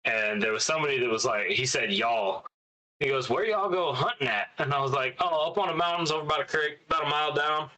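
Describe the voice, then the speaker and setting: A man's voice: mid-range voice, steady tone, quick pace, sharp tone, rough recording. A man from Utah, a podcast co-host, telling profane, joking stories in casual chat.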